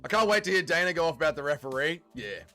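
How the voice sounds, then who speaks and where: A young man hosting a fight watch-along stream, chatting loosely and swearing freely, sometimes yelling. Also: fairly high pitch, lively intonation, very fast, soft background music. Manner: swings from yelling and swearing to laid-back chat. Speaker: livestream host. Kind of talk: casual live fight watch-along chat.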